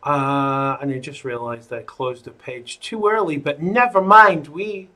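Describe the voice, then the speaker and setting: Slow, chatty man hosting a livestream. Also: on the high side, fairly even intonation, pushed and bright. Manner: rambling, jokey, chatty asides. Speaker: host of a live online talk show. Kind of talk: casual livestream chat.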